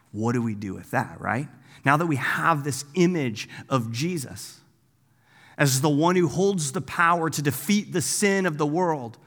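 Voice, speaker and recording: A man giving a sermon in a casual, animated way, often breaking off with asides and acting out the people in the story. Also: a little high. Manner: casual, animated, acts out voices with asides and "right?". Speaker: pastor. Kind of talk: conversational sermon. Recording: long hall reverb.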